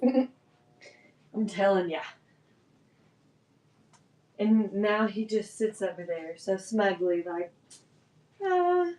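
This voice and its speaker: A woman with a drawl chats through a live online sale at an unhurried, drawn-out pace. She tells rambling, animated stories and leans on "like" and "um" between her sentences. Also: medium pitch. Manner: chatty, animated storytelling with filler words. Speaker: live-selling host. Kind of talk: casual livestream chat.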